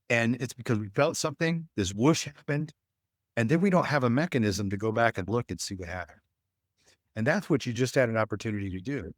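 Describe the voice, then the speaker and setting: A man with a lowish voice coaches couples before a live audience. He talks in a folksy way and slips into little acted-out exchanges. The sound is dry and close. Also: no room sound. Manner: folksy, acts out quoted dialogue. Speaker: relationship coach. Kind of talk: workshop talk to a live audience.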